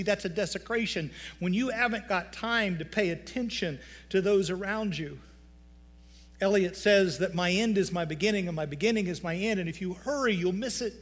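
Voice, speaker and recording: A man's voice: sits high, fairly bright tone. A male pastor preaching a sermon, telling folksy stories with humor.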